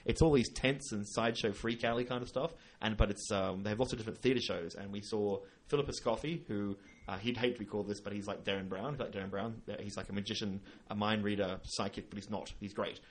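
A man talks quickly with a slightly husky voice, rambling through anecdotes on a casual podcast. He laughs often and stumbles over restarts as he goes. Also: on the low side, fairly even intonation. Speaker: podcast host. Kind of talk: casual chat.

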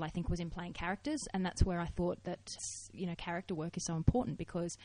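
A woman with an Australian accent chatting casually on a podcast, telling animated stories and breaking into loud laughing asides. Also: on the low side, low-quality recording. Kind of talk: casual chat.

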